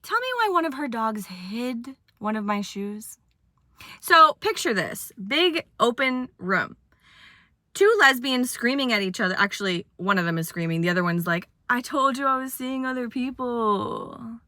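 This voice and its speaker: A woman's voice: a little high, animated, moderate pace, pushed and bright, no echo, clean studio sound. A young woman in her twenties telling a funny dating story in casual chat, with dramatic retelling and sudden acted quotes.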